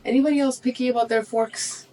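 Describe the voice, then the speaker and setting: A woman's voice: fairly high pitch, steady tone, fast talker, loud music behind the voice. A woman in her forties vlogging casually to camera, chatty and effusive, with the odd casual swear. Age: 40s. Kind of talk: casual vlog talk to camera.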